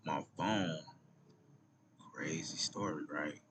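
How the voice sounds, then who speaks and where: A man's voice: extremely low pitch, slow pace, noisy background. A man with an Atlanta accent telling stories in a casual vlog, loose and slangy, often dropping to near-whispers. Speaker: vlogger.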